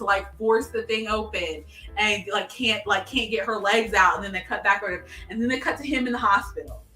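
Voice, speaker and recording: A woman co-hosting a casual chat, excitedly retelling a TV episode and acting out its dialogue. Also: mid-range voice, roomy sound, far from the mic. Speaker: podcast co-host. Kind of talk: casual chat recapping a TV show.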